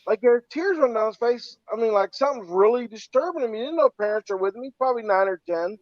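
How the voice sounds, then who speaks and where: A man's voice: extremely high pitch, animated, fast talker, no room sound. A man telling a heartfelt story in a rambling, casual way on a podcast. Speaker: podcast co-host. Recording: dry, muffled lo-fi audio.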